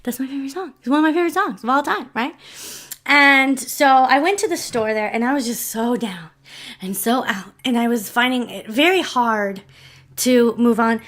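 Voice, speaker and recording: Her voice is high, pushed and bright as she tells a personal story to camera. The woman vlogger wanders through it warmly, breaking off to restart and adding asides for her viewers.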